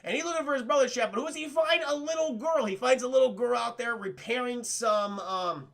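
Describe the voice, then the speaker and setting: A young man streaming a rambling film review to his chat, with a very high voice that has a gravelly edge. He talks loosely, swears freely and breaks into laughter, with a bright, sharp tone. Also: brisk. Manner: rambling, profane, addresses chat often, laughs a lot. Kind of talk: casual spoiler review chat.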